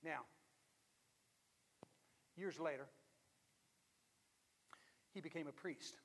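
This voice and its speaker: A pastor with a high, light voice tells a story from the pulpit. He shifts from lively delivery to hushed, weighty moments for emphasis, and his words ring out with a long echo through the church. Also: extremely slow, slightly rough. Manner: dramatic, drops to hushed tones for emphasis. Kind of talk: storytelling sermon. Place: church sanctuary. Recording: long reverb of a large hall.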